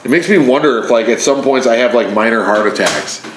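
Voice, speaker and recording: A man co-hosting a podcast, chatting casually in a rambling, profane way and telling animated stories with lots of restarts. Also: medium pitch, fairly quick. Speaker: podcast co-host. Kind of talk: casual chat. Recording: echoey room with faint noise.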